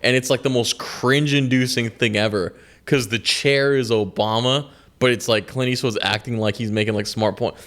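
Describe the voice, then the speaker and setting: A man's voice: medium pitch, steady tone, normal speed, fairly bright tone. A man in his twenties co-hosting a podcast, chatting casually in a rambling, profane way and laughing often. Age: 20s. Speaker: podcast co-host. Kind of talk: casual chat.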